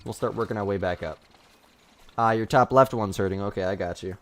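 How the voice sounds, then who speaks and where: A man's voice: lowish voice, brisk, a bit bright. A man streaming a hunting game live, chatting casually and scolding his dog between shots.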